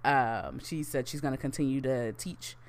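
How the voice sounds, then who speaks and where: A woman hosting her own podcast, talking casually and excitedly with many fillers and restarts. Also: very deep voice, normal speed. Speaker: podcast host. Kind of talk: casual solo podcast talk.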